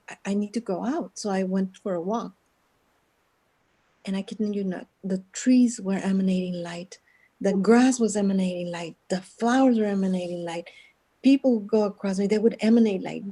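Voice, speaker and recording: Woman from Guatemala, interview guest, earnest storytelling, laughs often, mellow warm tone, middle pitch. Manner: earnest, with frequent laughs and restarts.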